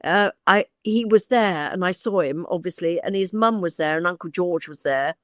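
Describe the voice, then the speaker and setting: An older woman, a guest on a chat podcast, telling anecdotes in a lively way with many ums and restarts. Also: fairly low pitch, moderate pace, dry recording, clean studio sound. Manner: lively anecdotal storyteller, hesitant fillers. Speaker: guest, former actress and agent. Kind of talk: casual chat.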